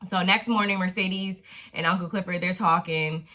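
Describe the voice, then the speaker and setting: A woman recapping a TV episode in a casual, slangy, profane way, with animated retellings. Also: lowish voice, moderate pace. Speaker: TV recap vlogger.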